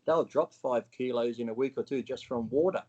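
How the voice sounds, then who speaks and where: A man's voice: medium pitch, fairly quick, mellow, dull audio. A man talking as an interview guest in a casual, blunt way, swearing freely and acting out what other people say.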